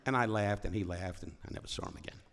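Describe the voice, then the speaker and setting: Gravelly older New comedian. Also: male voice, lowish voice, fast, fairly bright tone. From New York. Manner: rambling, self-interrupting, wisecracking. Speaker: comedian guest. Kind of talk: on-stage storytelling conversation. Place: stage before a live audience.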